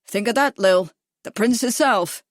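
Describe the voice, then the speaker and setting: A woman's voice: mid-range voice, normal speed, no echo, clean studio sound, close to an everyday voice. A woman voicing a drawling Midwestern jockey. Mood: belligerent. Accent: American Midwestern. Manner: drawling, belligerent. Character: brash young male American jockey, boastful.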